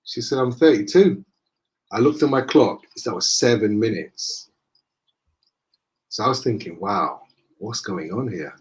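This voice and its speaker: A man with a Northern English accent, a guest in a conversation, telling lively anecdotes and acting out the dialogue. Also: lowish voice, measured pace, pauses often. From northern England. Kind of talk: casual storytelling in conversation.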